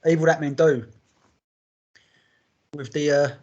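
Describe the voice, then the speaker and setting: A man's voice: fairly high pitch, steady tone, a little slow, a little mellow, highs cut off. A man hosting a music podcast, rambling enthusiastically and swearing freely as he talks. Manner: rambling, heavy swearing, enthusiastic fan talk. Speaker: podcast host. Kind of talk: casual chat.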